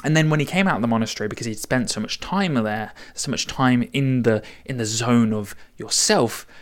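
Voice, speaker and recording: A young man hosting a solo podcast. He talks casually in a rambling way, restarting often, with an excited edge. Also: mid-range voice. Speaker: podcast host.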